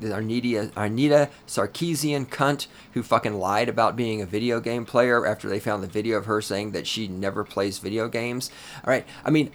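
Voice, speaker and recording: A man hosting his own podcast in a solo rant, swearing heavily and talking in a loud, heated way. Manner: profane, ranting, heavy swearing; loud and heated, then lower and grumbling. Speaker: podcast host.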